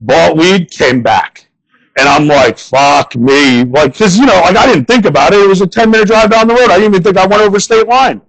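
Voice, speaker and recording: A young man with a somewhat high voice works a live crowd with a stand-up set. He rambles through crude, profane stories in a loose, conversational way. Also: animated, brisk, poor audio. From northern United States. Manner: crude, rambling storytelling with swearing. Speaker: stand-up comedian. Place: bar stage before a live audience.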